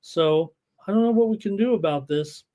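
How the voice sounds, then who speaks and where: A man hosting a live sports betting show, excitable and full of "uh" fillers, reading viewer chat aloud. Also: high-pitched, moderate pace.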